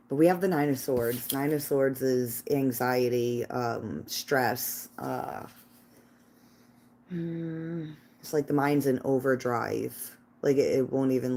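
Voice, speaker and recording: A woman's voice: extremely low pitch, dark tone. A woman doing a casual tarot reading live from her living room, chatty and laughing, talking to her cat and viewers through a phone. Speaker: tarot reader livestreaming. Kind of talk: casual livestream chat.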